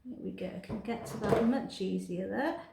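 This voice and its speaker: A woman grooming a cat, talking softly and coaxingly while explaining her work. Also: medium pitch, normal speed, vocal fry, background noise. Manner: soft, coaxing, chatty. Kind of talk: grooming commentary. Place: grooming room. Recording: echoey room with music behind.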